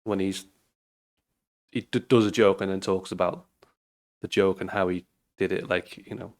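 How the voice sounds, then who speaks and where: British male reaction host, low-pitched, stuffy-nosed, rambling and easygoing. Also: fairly even intonation, moderate pace. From Britain. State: blocked nose. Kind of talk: casual chat.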